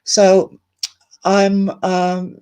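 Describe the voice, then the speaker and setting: Woman host, live-stream monologue, teary and candid, trips over words, mid-pitched voice. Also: completely flat delivery, extremely slow, dark tone, clear, resonant tone. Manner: candid, emotional, swears, repeats words. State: emotional, teary. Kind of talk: live-streamed personal talk to viewers.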